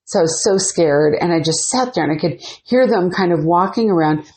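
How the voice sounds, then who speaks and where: Podcast host, female, lower register; easygoing storyteller who performs the dialogue. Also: a little fast. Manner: animated, acts out quoted dialogue. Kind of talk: casual storytelling.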